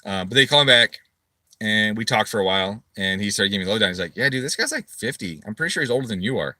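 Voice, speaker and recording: Middle-aged male shop owner, casual storyteller; bright, punchy tone, dry close recording, swears freely. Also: fairly low pitch, quick pace, dry recording. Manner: animated, swearing, acts out his own quoted replies loudly.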